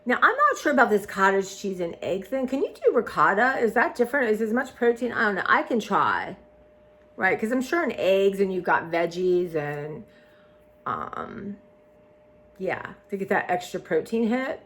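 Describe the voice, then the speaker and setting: A woman's voice: medium pitch, very animated, moderate pace, fairly bright tone. A woman chatting casually to her viewers, meandering with lots of ums and restarts. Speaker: vlogger. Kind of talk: casual rambling chat to viewers.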